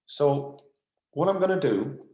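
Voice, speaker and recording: A man channelling in a spiritual session. He talks earnestly and excitably, repeats phrases, sighs often, and sounds overwhelmed as he calms himself down. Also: on the high side, measured pace, roomy sound. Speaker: psychic channeller.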